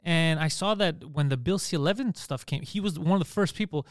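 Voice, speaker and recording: A man with a smooth, slightly high voice talks very quickly through a casual podcast chat, animated and loose with swear words. The recording is dry and close, with almost no room sound. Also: dry recording. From Canada. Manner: rapid, animated, swears freely. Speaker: podcast host.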